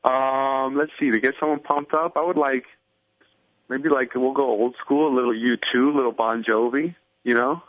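A man calling in as a guest, chatting casually and relaxed, often saying "I mean". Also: mid-range voice, moderate pace, no room sound, narrow, tinny audio. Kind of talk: casual phone-in chat.

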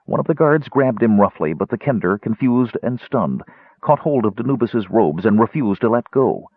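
A man reading an audiobook in scripted, expressive narration, on a tinny narrow-band recording. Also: medium pitch, moderate pace, husky, no echo.

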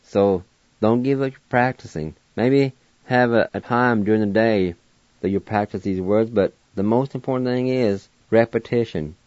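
A man's voice: lowish voice, normal speed, darkish tone, dry recording, lo-fi sound. A man hosting a radio language lesson, spelling out words letter by letter and pronouncing them patiently. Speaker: language teacher on a radio show. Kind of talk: slow spelling and pronunciation lesson.

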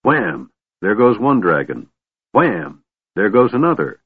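A man voicing an excitable young male kender in a high, squeaky, chattering way, for a storybook reading. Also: measured pace, husky, heavily acted. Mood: excited. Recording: tinny phone-like dry sound.

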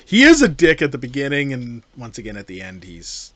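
A man co-hosting a casual talk show, rambling and animated as he discusses a film. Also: medium pitch, fairly quick, dry recording. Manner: animated, rambling with restarts and playful impressions. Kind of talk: casual chat about a film.

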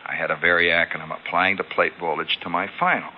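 A man hosting a radio show, telling a long story in an animated way and acting out sounds, heard on a lo-fi old broadcast. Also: low-pitched, a little fast, a little hiss or hum. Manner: animated, acts out sounds and callouts. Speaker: radio host. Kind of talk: spoken storytelling monologue.

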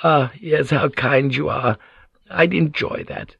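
A man's voice: medium pitch, big pitch swings, normal speed, gravelly, husky, no room sound, lo-fi sound, pitched above the performer's own voice, full character voice. A male audiobook narrator voicing a sly, wheedling older woman who keeps a teahouse, with a honeyed, ingratiating manner.

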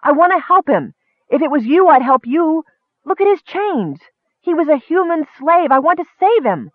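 A man voicing an earnest young male kender who pleads in high, raised shouts. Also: sing-song, normal speed, dry recording. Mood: pleading. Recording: tinny phone-like sound.

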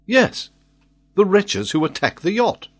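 A man's voice: sits high, big pitch swings, slow, pitched above the performer's own voice, full character voice. A man doing a vehement, urgent nobleman. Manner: vehement, questioning. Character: urgent male nobleman and expedition leader.

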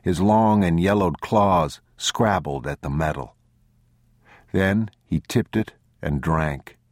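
Deep, slow male audiobook narrator. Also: dry recording, clean studio sound. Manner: measured, sombre and deliberate. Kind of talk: scripted literary narration.

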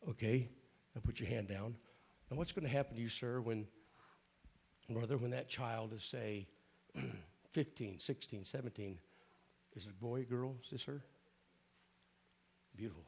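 A man, a bishop, preaching a sermon at a church prayer night in a raspy voice with folksy jokes and frequent throat clearing. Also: medium pitch, a little slow, long pauses, a little mellow. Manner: folksy, joking preacher talk.

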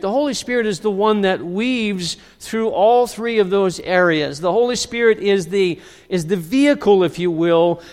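High-voiced preaching man in a reverberant hall. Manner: emphatic preaching with swings from loud to quiet. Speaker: pastor. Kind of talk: sermon.

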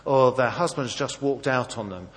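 A man preaching a sermon, acting out dialogue and swinging between soft and loud. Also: mid-range voice, moderate pace, in a large hall. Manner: animated, acts out dialogue, varies volume widely.

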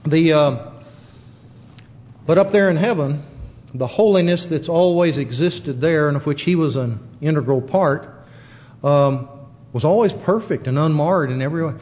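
A man giving a plain-spoken Bible teaching in a halting style with many fillers, recorded in a church. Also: on the high side. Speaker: preacher. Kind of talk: sermon. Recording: dull lo-fi church recording with long reverb.

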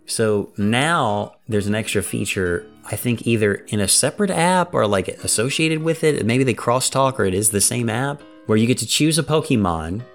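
A man's voice: mid-range voice, lively intonation, moderate pace, few pauses, soft background music. A man co-hosting a podcast in casual chat, rambling with lots of fillers and "like". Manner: rambling, filler-heavy, frequent "like". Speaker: podcast co-host.

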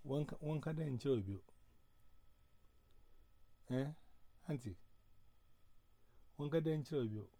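A man in loud, animated casual banter, mixing Twi and English. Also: medium pitch, takes it slowly, pauses often, dry recording, poor audio. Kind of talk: casual chat. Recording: loud background noise.

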